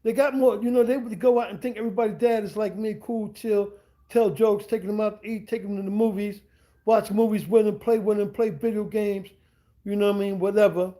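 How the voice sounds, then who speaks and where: A man's voice: high-pitched, fairly even intonation, fairly quick, warm tone. Middle-aged man rambling on a livestream. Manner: rambling, repeats himself, slangy asides. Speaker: streamer and language teacher. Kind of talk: casual livestream monologue. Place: at home indoors.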